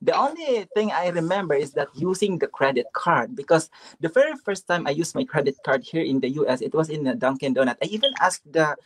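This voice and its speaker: A man's voice: on the high side, animated, brisk, fairly bright tone. A man from the Philippines, a nurse chatting as a guest about his experiences, often laughing. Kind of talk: casual conversation sharing experiences.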